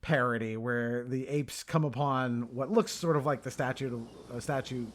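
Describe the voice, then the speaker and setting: A man's voice: medium pitch, normal speed. A man in his thirties hosting a podcast, recapping a film in a casual chat with plenty of filler words. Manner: chatty, lots of ums and uhs. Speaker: podcast host.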